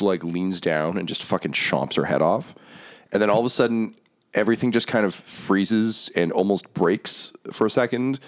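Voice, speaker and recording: A man narrating as game master of a tabletop fantasy game, talking loosely with many pauses and ums. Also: low-pitched, clear, resonant tone.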